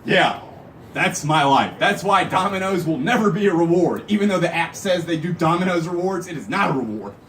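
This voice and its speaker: A young man with a slightly high, expressive voice tells a rambling comic story live, packing in "like" and "literally" at a fairly quick clip. Background noise comes through, since an audience member recorded it on a phone camera from far away at the live show venue.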